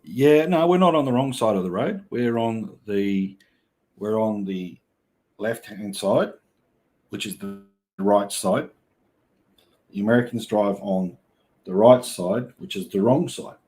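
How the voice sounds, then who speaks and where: A man's voice: fairly low pitch, unhurried, long pauses, a little mellow. An Australian man with an Australian accent hosting a livestream, chatting casually in rambling, joking banter. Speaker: livestream host.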